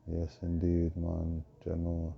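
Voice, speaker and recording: A man with a hoarse voice, preaching a proclaiming monologue full of repeated rhetorical questions. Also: low-pitched, completely flat delivery, slow. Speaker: self-styled preacher. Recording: dull lo-fi recording with faint noise.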